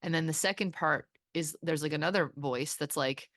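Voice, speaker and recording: A woman hosting a podcast, talking candidly and swearing freely, with halting restarts. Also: low-pitched, a bit bright, no echo, clean studio sound. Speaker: podcast host. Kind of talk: candid therapy-style conversation.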